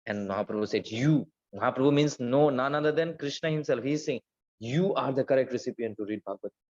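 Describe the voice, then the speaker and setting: A man giving a devotional scripture class, telling stories with lively acted-out quotes and quickly chanted verses. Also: medium pitch. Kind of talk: Gita class lecture. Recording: slightly dull lo-fi recording.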